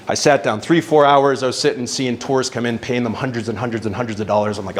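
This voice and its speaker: A young adult man telling a casual, animated story as a speaker at a networking event, swearing now and then. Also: medium pitch, quick pace, slight background noise. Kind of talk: storytelling talk on stage. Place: event venue with live audience.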